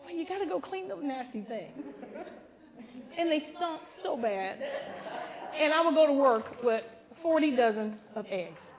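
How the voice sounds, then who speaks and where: An older woman with a high voice tells a funny story to a gathering. She is animated and laughs often, and she jumps into the voices of the people in her tale as a pastor would from the front of a room. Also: a little slow. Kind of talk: comic storytelling to a women's gathering. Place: live gathering.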